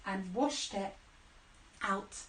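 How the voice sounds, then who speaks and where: Woman storyteller for children, bright and high, playful with sound effects, roomy echo. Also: very slow, a little hiss or hum. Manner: animated, playful, with sound effects and calls to join in.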